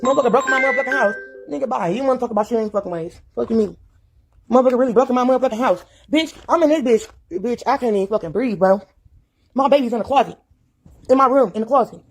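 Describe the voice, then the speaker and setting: A woman's voice: a little high, fast, soft background music. A woman in a played video clip, ranting furiously with constant cursing and repeating herself in agitation. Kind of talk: furious profane rant.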